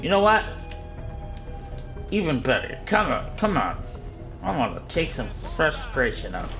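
A man from Iowa swearing heavily and yelling at the game as he plays and comments. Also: a little high, sing-song, unhurried, gravelly, over music. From Iowa, United States. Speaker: gamer streaming gameplay. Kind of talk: frustrated gameplay commentary.

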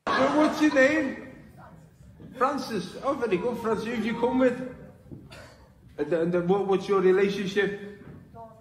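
A male comedian with a Liverpool accent works the crowd and ribs an audience member, his voice pitched high. The live recording rings with long, roomy hall reverb from the theatre stage. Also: measured pace, long pauses, a little hiss or hum. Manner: teasing, chatty with an audience member. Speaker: stand-up comedian. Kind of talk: live stand-up crowd work.

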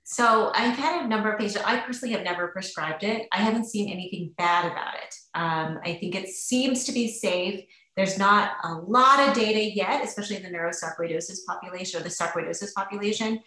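A woman's voice: medium pitch, brisk, hardly any pauses, bright, forceful tone. A woman physician answering webinar questions in a casual, chatty way with many fillers. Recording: roomy echo.

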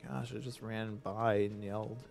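A man's voice: lowish voice, moderate pace, creaky, over music. Rambling male game streamer. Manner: rambling, with sudden excited outbursts. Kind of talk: casual gameplay commentary.

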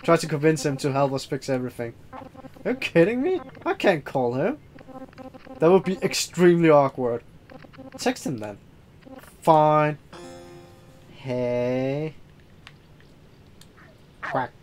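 A man reading and voicing game dialogue in a casual let's-play, halting over lines with fillers and laughs. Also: a little high, big pitch swings, a little mellow.

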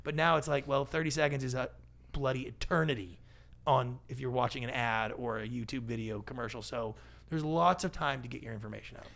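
Gravelly, animated man telling stories. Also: mid-range voice, fairly quick. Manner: lively storyteller who acts out quoted voices. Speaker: guest, pitch expert and TV producer. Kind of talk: animated podcast interview.

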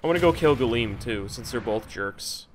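A male streamer giving live gameplay commentary, reacting excitedly and swearing at the game. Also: medium pitch, normal speed, background noise.

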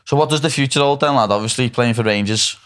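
A man's voice: mid-range voice, fast talker, fairly bright tone. A man with a Liverpool Scouse accent hosting a casual podcast chat, talking bluntly and swearing, tagging "lad" onto his phrases. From Liverpool, England. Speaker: podcast host.

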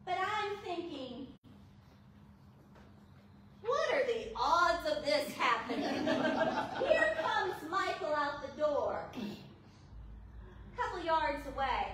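A woman associate pastor telling a lively, laughing story in a sermon. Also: high voice. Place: church fellowship hall. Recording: echoey hall, mic at a distance, audible noise.

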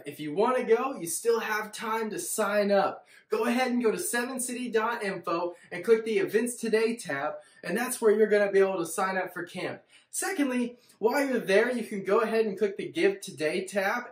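A church announcer giving friendly, upbeat event announcements for a kids' service. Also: medium pitch. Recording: echoey room.

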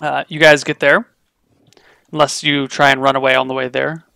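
Brief: male game master, matter-of-fact narration, tense bright voice. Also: medium pitch, flat delivery, normal speed, creaky, smooth, dry recording, studio quality.

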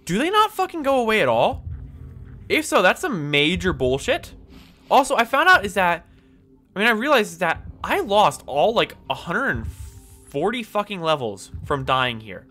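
Bright-voiced jittery young gamer. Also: male voice, high-pitched, very animated, normal speed, faint music behind. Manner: jumpy, swears often, nervous muttering. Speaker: gameplay commentator. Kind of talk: casual gameplay commentary.

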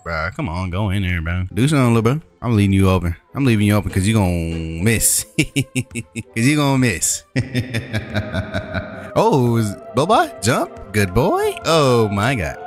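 Taunting young man with a lively voice. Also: unhurried, faint music behind. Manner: taunting, playful, with loud high-pitched yelps. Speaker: YouTube gaming creator. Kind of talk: trash-talking gaming commentary.

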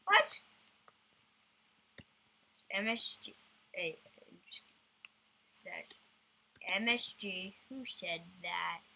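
A woman's voice: medium pitch, big pitch swings, very slow, creaky, pauses often, sharp tone, husky, poor audio. A woman doing goofy let's-play commentary, bursting into sudden squeals. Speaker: gamer.

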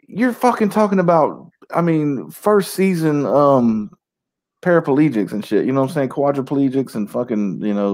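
A male co-host riffing in casual, crude banter, swearing constantly and jumping around in pitch as he rants. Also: dark tone.

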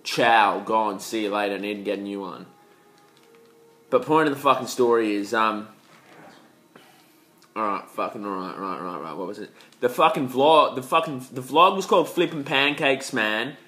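A young man talks straight to camera in a loose, rambling vlog, swearing constantly and throwing in lots of slang. His voice has a bright, forceful edge that cuts through. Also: fairly low pitch, moderate pace. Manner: profane, rambling, slangy, animated. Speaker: vlogger.

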